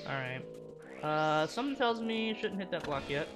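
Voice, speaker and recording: A woman's voice: deep voice, animated, moderate pace. A woman streaming a game, chatting to herself and laughing at her own moves. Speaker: let's play streamer. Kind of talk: casual gameplay commentary. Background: game music.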